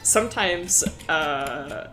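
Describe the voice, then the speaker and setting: A woman's voice: low voice, lively intonation, drawn-out words, sharp tone, faint music behind. A woman streaming casually, rambling about her worldbuilding with frequent laughter and swearing.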